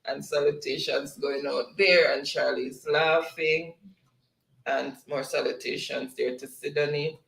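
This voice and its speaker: Slow, gravelly man laughing through chat. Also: fairly high pitch, steady tone, a bit bright, roomy sound. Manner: laughs often, slow and easygoing. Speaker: livestream host. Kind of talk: reading live chat aloud.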